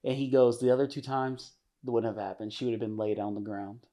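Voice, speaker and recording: A man's voice: mid-range voice, steady tone, fairly quick, warm tone. A man co-hosting a podcast, retelling a story in casual chat with many restarts. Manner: rambling, many restarts, acts out quotes. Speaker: podcast co-host.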